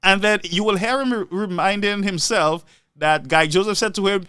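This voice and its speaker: A man's voice: high voice, a little fast, clear, resonant tone, no echo, clean studio sound. A man giving live political commentary, laughing often and repeating words for emphasis. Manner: animated, laughs often between phrases.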